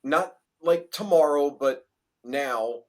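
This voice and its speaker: Male podcast host, coach, slow deliberate talk, hesitant restarts. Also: a little high, darkish tone. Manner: hesitant, halting restarts, thoughtful. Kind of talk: casual interview.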